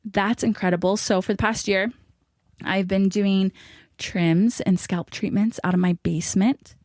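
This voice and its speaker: A woman's voice: medium pitch, fairly even intonation, a little slow, darkish tone, no echo, clean studio sound. A young woman hosting her podcast in casual chat, upbeat and laughing often, a little out of breath, recording in a small closet alcove. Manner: chatty, upbeat, laughs often, says y'all. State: a bit out of breath. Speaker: podcast host.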